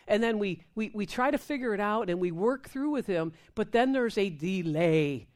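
A woman preaching a sermon in an animated, amped-up way, acting out prayers and laughing with the congregation. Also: medium pitch, moderate pace, few pauses.

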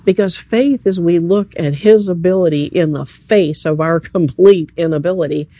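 A preacher delivers an earnest sermon at an evening service in a warm, mellow voice. The talk stays conversational and speaks straight to the listeners, with pitch at an ordinary middle level. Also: moderate pace, no room sound.

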